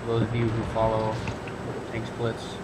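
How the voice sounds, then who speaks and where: A man hosting a gaming video, commenting casually on his match in a relaxed, rambling way with many fillers. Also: lowish voice, normal speed, heavy background noise. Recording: voice over loud game sounds. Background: game engines and artillery fire.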